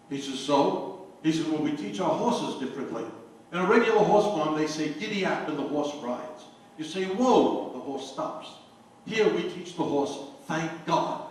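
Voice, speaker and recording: An older man telling jokes to a party crowd, a lively storyteller who hollers his punchlines. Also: on the high side, normal speed. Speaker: joke teller at a party. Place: anniversary party. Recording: echoey room, voice from far off, faint noise.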